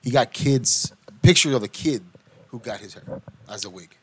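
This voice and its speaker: A man's voice: mid-range voice, lively intonation, moderate pace, fairly bright tone, slightly rough, dry recording. A man co-hosting a podcast with a friend, talking in a laid-back, jokey way and cursing often. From Mexican-American family. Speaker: podcast co-host. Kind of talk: casual podcast banter.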